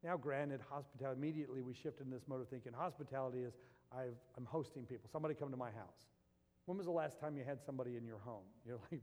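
A male pastor preaching a sermon, shifting between relaxed storytelling and loud emphatic peaks. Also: mid-range voice, fast, in a large hall.

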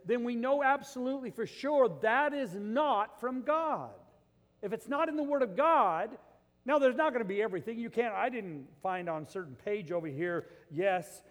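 High-voiced pastor preaching in an echoing hall. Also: male voice. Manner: animated storytelling, acts out quoted voices, rises to emphatic peaks. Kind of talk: sermon.

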